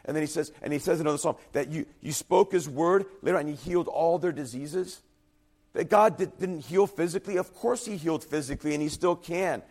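An earnest male pastor delivers a sermon with fervent emphasis, his voice a touch higher than most men's. At moments his voice falters and sinks to a quiet, husky tone. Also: brisk. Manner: earnest, emphatic preaching with rising intensity.

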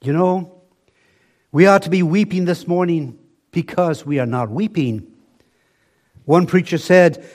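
An older male preacher delivering a sermon in a slightly raised voice. He speaks slowly and with emphasis, and he often sinks into a hushed, low tone to drive a point home. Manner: slow, emphatic preaching with dramatic drops to a soft, low voice.

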